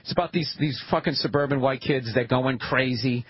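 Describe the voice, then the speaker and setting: A man telling stories on a radio show in a loose, animated way, laughing mid-sentence and swearing freely. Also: mid-range voice, a little fast. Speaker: comedian guest. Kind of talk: casual radio banter. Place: radio studio. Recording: dull lo-fi radio broadcast.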